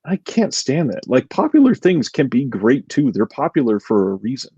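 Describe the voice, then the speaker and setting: A married man co-hosting a casual chat, dropping dry deadpan quips. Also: medium pitch, moderate pace, slightly rough, no room sound. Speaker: podcast co-host. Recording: dull lo-fi dry mic.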